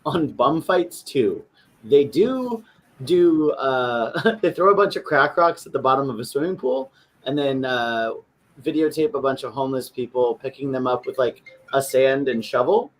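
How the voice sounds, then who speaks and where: A man's voice: medium pitch, animated, moderate pace. A man co-hosting a casual chat show, tossing in dry, joking asides. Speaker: co-host.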